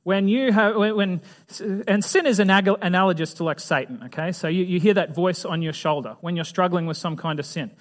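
A male preacher with a high, brisk voice teaches a Bible lesson in a chatty style. He asks his listeners questions and acts out voices in little scenes.

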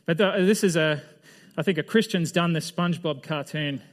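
A man's voice: on the high side, normal speed. A man preaching a sermon as a pastor in a loose, conversational way. He asks his listeners questions and often restarts or trails off mid-sentence.

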